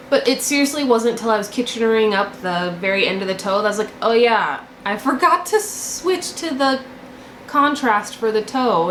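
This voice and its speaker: A woman's voice: on the high side, a bit bright, a little hiss or hum. A young woman hosting a knitting video podcast, chatting casually and gushing about her finished projects, often repeating words for emphasis. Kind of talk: casual show-and-tell chat. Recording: echoey room.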